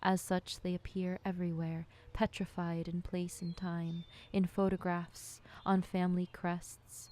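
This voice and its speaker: Hushed, mellow woman narrating poetry. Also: fairly low pitch, little pitch movement. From United States. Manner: slow, measured, hushed, with occasional whispers. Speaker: filmmaker narrating her own work. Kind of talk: poetic scripted narration.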